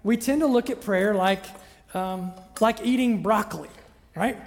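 In a large hall with long reverb, a pastor speaks in a high voice with vocal fry, going a little slow. He preaches conversationally and chattily, often asking his listeners "right?" to check in.

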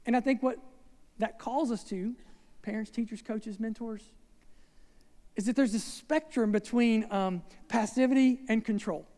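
A man's voice: sits high, unhurried, mellow. Man preaching in an echoey hall. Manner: conversational preaching with asides and rhetorical questions. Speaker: pastor. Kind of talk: sermon. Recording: long reverb of a large hall.

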